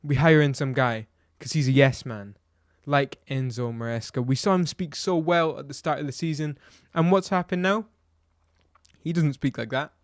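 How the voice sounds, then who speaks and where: Speaking at a moderate pace in a mid-range voice, a man tears into a football match with blunt exasperation and a barrage of rhetorical questions. It's an opinionated review vlog, recorded in studio quality without echo.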